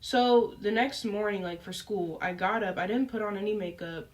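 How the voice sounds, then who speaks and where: Young woman telling a lively story. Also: medium pitch, moderate pace. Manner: animated, lively retelling with frequent fillers. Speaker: vlogger. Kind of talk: casual storytime. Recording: voice picked up from a distance.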